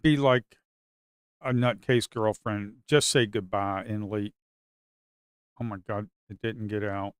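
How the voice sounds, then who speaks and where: A man's voice: on the low side, fairly even intonation, slow, long pauses, clear, resonant tone, dry recording, studio quality. A man streaming his live trading who talks bluntly, swears, and repeats himself as he gets exasperated. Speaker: day trader streaming live. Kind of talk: casual live commentary while trading.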